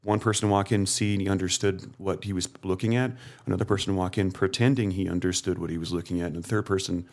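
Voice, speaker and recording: Deep-voiced man, halting and enthusiastic. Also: steady tone. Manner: halting, many restarts, enthusiastic. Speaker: podcast guest, artist. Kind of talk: casual conversation.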